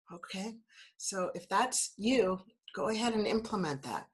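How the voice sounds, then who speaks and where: Husky and a bit bright, her medium-pitched voice moves at a moderate pace with lively intonation. She is a fiftysomething New Zealander, slightly congested, hosting a podcast full of upbeat encouragement and repeated affirmations.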